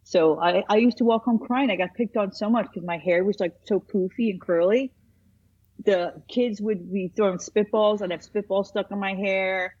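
A woman's voice: mid-range voice, fairly even intonation, normal speed, a little mellow, muffled recording. A woman therapist in casual chat, telling stories animatedly and acting out the people she quotes.

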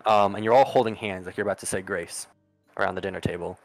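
A man's voice: sits low, fairly even intonation, fast talker, soft background music, low-quality recording. A man narrating a tabletop game as game master, casual and profane, with lots of ums and uhs.

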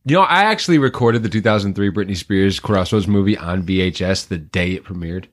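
A man's voice: low voice, fairly quick. A man co-hosting a movie podcast, chatting casually with dry, teasing banter. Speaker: podcast co-host. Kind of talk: casual chat.

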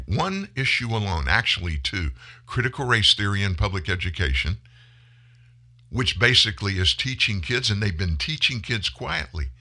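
A male talk radio host giving an impassioned monologue, speaking emphatically to listeners, rising to loud bursts and dropping low again. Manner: addresses listeners as folks.

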